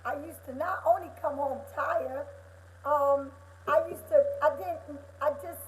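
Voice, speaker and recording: A high-voiced woman reads tarot live and lectures her viewers in an emphatic, preachy way. She hammers each point home by repeating it. She calls the listener honey and girl. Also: darkish tone, a little hiss or hum, poor audio. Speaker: tarot reader. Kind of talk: live reading, motivational talk to viewers.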